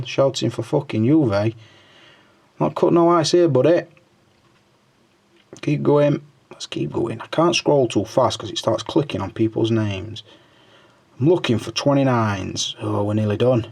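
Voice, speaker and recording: A middle-aged man chats casually through viewer comments on his channel. His voice sits at an ordinary middle pitch, and he fills the talk with crude jokes and swearing. Between comments he drops into low mutters as he scrolls. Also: vocal fry, a little mellow, husky. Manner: crude, joking banter full of swearing, muttering under his breath while scrolling. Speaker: toy reviewer and channel host.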